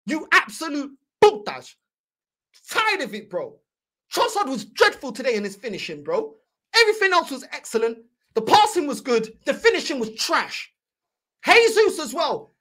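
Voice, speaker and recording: A young woman hosts a football fan channel and goes on an angry rant, heated and mocking, repeating herself. Her voice is high-pitched, a bit bright, and very animated, delivered at a moderate pace.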